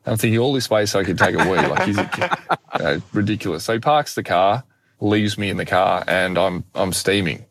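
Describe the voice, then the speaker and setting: A young man, an animated, self-deprecating guest telling a personal story in conversation. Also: fairly low pitch, fairly quick. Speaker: guest speaker.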